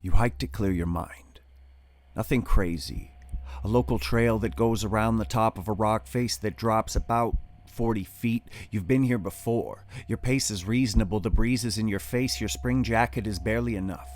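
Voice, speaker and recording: A man reading his own horror poetry in second person, steady at first and building to urgent intensity. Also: lowish voice, normal speed.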